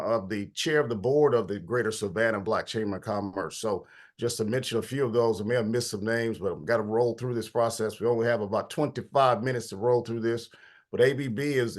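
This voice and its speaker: Guy running an online meeting, kinda stuffy nose, chatty and loose, calls folks by name. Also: medium pitch. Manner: informal, greets attendees by name. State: stuffy, slightly congested. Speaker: host of policy talk. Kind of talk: casual online meeting hosting.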